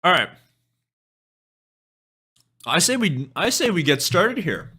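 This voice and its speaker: Slightly high, sing-song, husky, and pushed and bright, his voice moves slowly. The young Canadian-accented music streamer from western Canada rambles to his live-stream chat, loses his train of thought, and swears casually.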